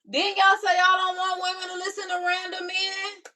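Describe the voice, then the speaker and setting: A woman's voice: extremely high pitch, monotone, normal speed, sharp tone. A young woman, reacting to viewer comments on her live stream in sassy casual chat. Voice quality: raspy. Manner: sassy, talks back to commenters.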